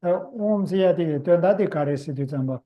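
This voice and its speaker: A man giving a Buddhist teaching in short, repeated phrases with pauses. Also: fairly high pitch, muffled recording.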